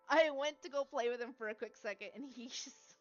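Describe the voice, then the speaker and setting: A young woman with a high voice reads a story game aloud and chats casually in slang, coaxing her cat in baby talk. Her mic sounds slightly muffled, and faint music plays under her. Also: expressive, measured pace. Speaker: streamer. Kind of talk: game playthrough with reading and chat.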